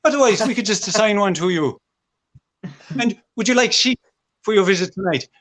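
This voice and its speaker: A man putting on a sleazy, penny-pinching boss acting as a street pimp, upselling in fast patter. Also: high voice, a bit bright, pitched above the performer's own voice. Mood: sleazy hustling.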